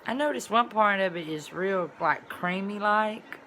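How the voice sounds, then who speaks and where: Bright-voiced woman telling a lively story. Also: mid-range voice, a little slow, slight background noise. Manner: animated, colloquial storytelling with sudden loud exclamations. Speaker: vlogger. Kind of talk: casual storytelling vlog.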